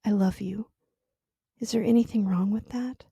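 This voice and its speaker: A woman reading aloud, voicing a possessive young woman who speaks softly and insistently to a wounded partner. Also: medium pitch, steady tone, moderate pace, vocal fry, husky, no room sound, clean studio sound. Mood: hushed, insistent.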